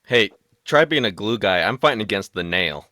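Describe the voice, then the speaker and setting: A man's voice: on the low side, expressive, normal speed, sharp tone, dry recording, studio quality. A man hosting a casual podcast conversation, chatty with joking asides. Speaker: podcast host.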